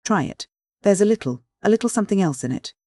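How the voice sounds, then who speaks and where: A man's voice: sits high, expressive, fast talker, darkish tone, dry recording, voice pushed up. A man reading an audiobook, voicing a flustered middle-aged matron who frets breathlessly. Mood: faint. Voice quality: breathless, fretful.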